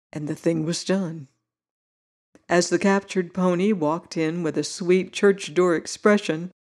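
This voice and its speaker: Audiobook narrator, classic novel, measured reading, middle pitch. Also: darkish tone.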